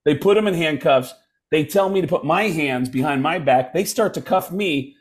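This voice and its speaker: A man's voice: fairly high pitch, fairly quick. A middle-aged man, a stand-up comedian, telling stories in casual chat and acting out the voices of the people in them. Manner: animated, acts out voices in stories.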